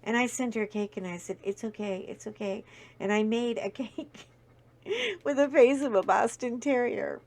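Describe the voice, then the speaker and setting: A woman's voice: on the high side, normal speed, a little mellow. A woman hosting a casual crafting video, telling an anecdote with many fillers and acted-out quotes. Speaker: video host. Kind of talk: casual storytelling while diamond painting.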